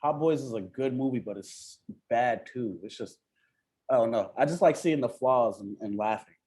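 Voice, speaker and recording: A man's voice: mid-range voice, lively intonation, normal speed, darkish tone. A man, a rapper chatting casually as a podcast guest, laid-back and slangy, laughing often. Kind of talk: casual chat.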